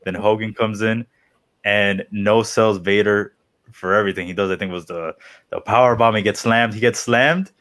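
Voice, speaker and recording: Hesitant low-voiced man. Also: fairly even intonation, fairly bright tone. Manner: hesitant, halting, repeats words. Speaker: podcast co-host. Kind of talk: casual chat.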